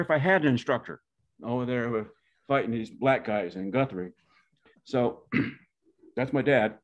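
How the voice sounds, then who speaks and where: A man's voice: mid-range voice, normal speed, long pauses. A man, telling a meandering, folksy family story from his life and correcting himself as he goes. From Pawnee, Oklahoma. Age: 70s. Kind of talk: personal storytelling. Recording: dull lo-fi recording.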